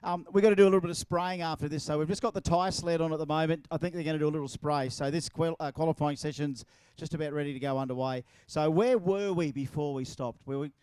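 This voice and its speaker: A man's voice: a little high, fairly even intonation, fast talker, few pauses, a little mellow, clear, resonant tone, no echo. An Australian man working as MC at an outdoor racetrack, bantering with the crowd in a jokey, teasing way. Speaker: event MC. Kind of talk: crowd banter at a live event. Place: outdoor drag racing track.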